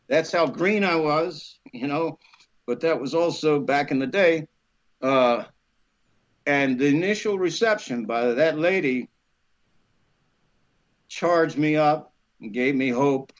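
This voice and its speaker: A man, an actor guest, telling a lively anecdote, acting out voices and laughing often. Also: a little high, measured pace, long pauses, highs cut off. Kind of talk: animated storytelling.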